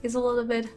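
A woman with a high voice narrates her video game at a relaxed, unhurried pace, laughing often and reacting aloud. She speaks close to a desk microphone. Faint game music plays underneath. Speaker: gaming YouTuber. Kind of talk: let's play commentary. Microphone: desk USB microphone.

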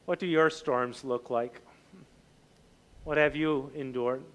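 A man giving a sermon as a pastor, talking conversationally with many fillers and restarts, lively when acting out scenes and quiet when personal. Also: slow. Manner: animated and loud when voicing the disciples, quiet and low when personal.

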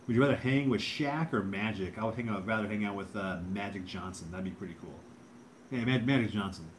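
A man's voice: fairly low pitch, a little fast, a little hiss or hum. A man hosting a casual livestream, rambling laid-back chat and thanking viewers, says bro and dude a lot while drinking beer. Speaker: livestream host.

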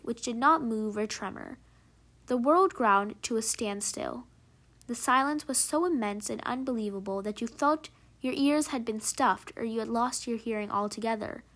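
Woman narrator, storybook reading, fairly high voice, measured, expressive.

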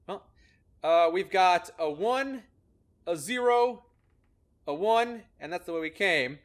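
A man's voice: a little high, big pitch swings, measured pace, long pauses. A man hosting a gameplay video, explaining a maze-solving method in a casual, upbeat way and laughing often. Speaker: host explaining a maze algorithm in a game.

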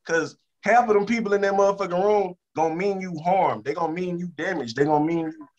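Louisiana guy with a kinda high voice, repeats stuff for emphasis, laid back interview chat. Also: fast talker, highs cut off. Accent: Southern US, Louisiana. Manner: emphatic and repetitive, drops to a subdued tone about stress. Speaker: rapper, interview guest. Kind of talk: casual interview talk.

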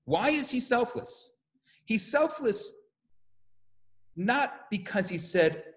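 A man, a rabbi, giving a lecture full of stories and acted-out quotes, in an animated manner. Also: very high voice, takes it slowly, long pauses. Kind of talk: lecture with storytelling.

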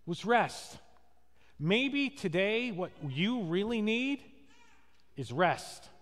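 Slow-preaching pastor in an echoing church. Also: male voice, sits high. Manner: storytelling with acted quotes and rhetorical questions. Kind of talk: sermon. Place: church sanctuary. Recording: long reverb of a church hall.

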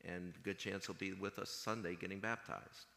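A man giving an earnest chapel talk to high school students, telling stories and acting out what others said. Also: steady tone, moderate pace, gravelly, bright, forceful tone, slight background noise. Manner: earnest storytelling, quotes others in conversation. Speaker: school chaplain. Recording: long hall reverb.

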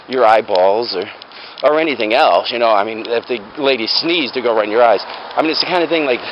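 A middle-aged man telling a funny story in a casual, rambling way, full of fillers. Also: medium pitch. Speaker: vlogger. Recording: muffled with loud background noise.

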